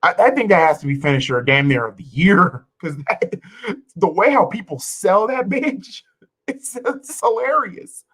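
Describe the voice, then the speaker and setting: A woman's voice: mid-range voice, animated, measured pace, slightly rough, poor audio. A woman streamer ranting to her chat in an exasperated, profane way, repeating herself for emphasis. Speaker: wrestling streamer. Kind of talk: livestream rant to chat.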